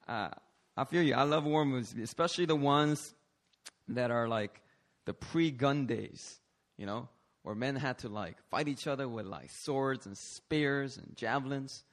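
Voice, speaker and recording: A man preaching a lively, playful sermon, calling out to the congregation for responses. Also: mid-range voice. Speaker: pastor.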